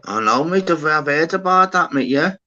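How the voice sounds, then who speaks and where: A man hosting a livestream, telling an animated story in casual chat, swearing often and calling people lad and mate. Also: on the high side, normal speed. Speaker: livestream host. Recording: dull lo-fi sound.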